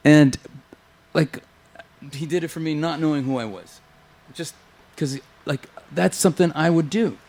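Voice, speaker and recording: A man chatting casually as a guest, telling lively anecdotes, acting out what others said and swearing freely. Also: a little high, a little slow. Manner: animated anecdotes, acts out quoted voices, swears. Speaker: guest guitarist. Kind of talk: casual storytelling chat.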